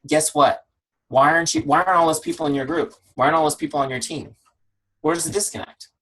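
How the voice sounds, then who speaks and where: A man leading a team training call on a video call, energetic and conversational, peppering his talk with rhetorical questions. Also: a little high, fast, low-quality recording. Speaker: network marketing trainer. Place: home office shed.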